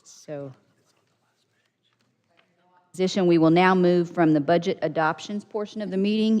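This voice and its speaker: A woman with a lowish voice chairs a county council meeting, reading budget figures and calling votes in a businesslike manner. Her voice rings with long reverb from the meeting hall. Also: moderate pace, pauses often, darkish tone, muffled recording. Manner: businesslike, reads figures aloud.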